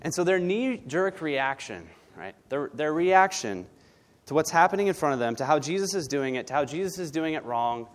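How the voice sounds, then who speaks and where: A man's voice: fairly high pitch, big pitch swings, moderate pace. Blunt, conversational male preacher. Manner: blunt, conversational, tag questions. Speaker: pastor. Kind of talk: sermon.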